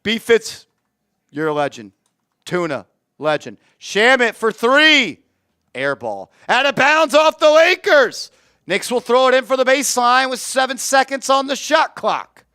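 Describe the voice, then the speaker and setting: A man streaming live fan play-by-play commentary, getting excitable and shouting on big plays while reading the chat aloud. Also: extremely high pitch, unhurried, clean tone, no echo, studio quality.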